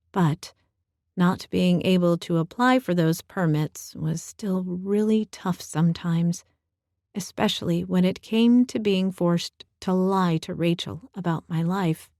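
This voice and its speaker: A woman narrating a first-person audiobook with a calm, intimate delivery. She takes her time over every phrase, her voice sitting a little low and mellow. The sound is dry and close, with no room around it. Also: no echo.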